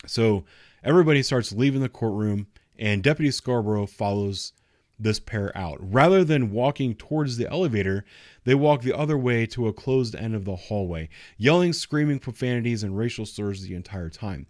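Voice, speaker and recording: A man's voice: fairly low pitch, lively intonation, normal speed, no room sound, studio quality. A man in his thirties, a patrol officer, giving blunt, sarcastic and profane casual commentary. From United States.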